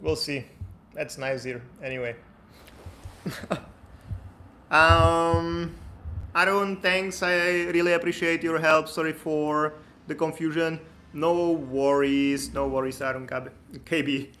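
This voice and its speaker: Casting note: man, bright and slightly high voice, casual and chatty live-stream host. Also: slow pace, long pauses. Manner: relaxed, chatty, laughs easily, reads viewer comments aloud. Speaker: immigration consultant hosting a live Q&A.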